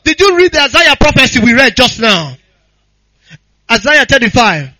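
A man's voice: very high-pitched, sing-song, normal speed, long pauses, pushed and bright, no room sound, poor audio. A man, preaching a sermon with impassioned call-and-response to the congregation. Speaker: pastor.

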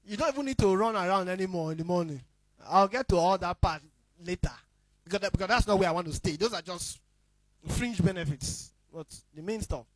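A male pastor with a high voice delivers a sermon, hammering points through repetition. He swings between loud declarations and quiet, hushed asides. The sound is close and dry, with no room echo. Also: brisk.

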